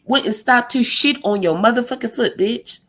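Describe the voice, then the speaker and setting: A woman's voice: fairly high pitch, normal speed, fairly bright tone. Profane, heated woman ranting on stream. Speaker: live-stream host.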